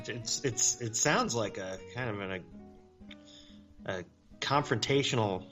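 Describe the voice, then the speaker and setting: A man's voice: fairly low pitch, fairly bright tone, soft background music. A man co-hosting a podcast in casual comic chat, often restarting his sentences. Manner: halting, restarts often, laughs along. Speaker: podcast co-host.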